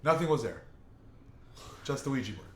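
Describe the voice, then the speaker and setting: A young podcast host, talking casually with friends, tells a long, profane, wandering story and keeps restarting mid-sentence. His mid-range voice is very animated and a bit bright at a moderate pace, recorded in an echoey room with faint ambience and slight hiss or hum.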